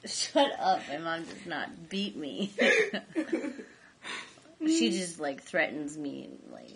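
Teenage girl chatting loosely on a homemade video, giggling and rambling with plenty of "like". Her voice sits at an ordinary pitch for a young woman. A faint hiss of background noise runs under the recording. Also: big pitch swings, takes it slowly. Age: high school senior, late teens. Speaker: vlog co-host. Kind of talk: casual chat.

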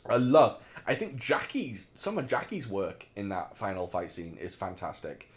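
Animated, opinionated man chatting. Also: fairly low pitch, moderate pace. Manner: chatty, opinionated, swears casually. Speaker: podcast co-host. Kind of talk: casual film discussion.

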